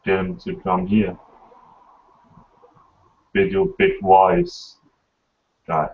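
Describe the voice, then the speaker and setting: Brief: male player, very slow and gravelly, distant dull recording. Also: on the low side, very animated. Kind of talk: tabletop role-play.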